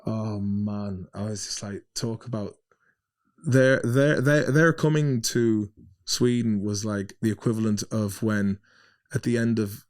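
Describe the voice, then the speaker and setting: A man's voice: on the low side, fairly even intonation, a little slow. An Irish man telling casual, swearing anecdotes as a podcast guest. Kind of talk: casual storytelling.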